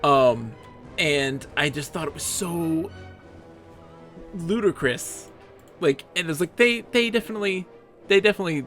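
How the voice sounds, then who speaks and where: A man's voice: a little high, expressive, moderate pace, pauses often, a bit bright, soft background music. A young man streaming a game, chatting enthusiastically and rambling with frequent laughs. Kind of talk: casual live-stream game commentary.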